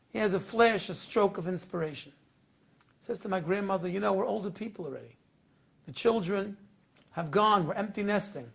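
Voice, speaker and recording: Speaking as a rabbi drawing a lesson for listeners, a man with a very high, gravelly voice tells a sermon story with a lilt. A dramatic storyteller, he acts out the scenes and swings from a near hush to loud, emotional peaks.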